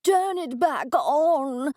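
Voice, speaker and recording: A woman's voice: high voice, expressive, drawn-out words, darkish tone, dry recording, clean studio sound, pitched above the performer's own voice, heavily acted. A woman voicing a condescending male talking cat who is really a cursed ancient wizard. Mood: demanding. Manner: condescending, bossy.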